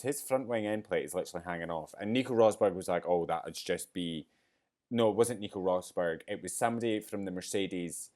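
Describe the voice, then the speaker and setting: A man with a somewhat low voice hosts a casual podcast race review. He rambles excitably, and his voice turns teary and choked up as he talks. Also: fairly quick. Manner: excitable, rambling, gets emotional. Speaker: podcast host.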